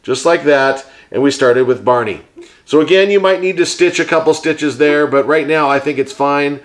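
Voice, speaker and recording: A man's voice: on the high side, moderate pace. A man hosting a hands-on craft tutorial, chatting and explaining each step while he works with his hands. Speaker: host and puppet maker.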